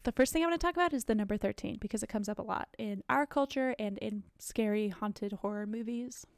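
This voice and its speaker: A young woman co-hosting a podcast chats casually in a mid-range voice at a fairly quick pace, rambling with lots of fillers. She has the hiccups, and the studio-quality recording has no echo.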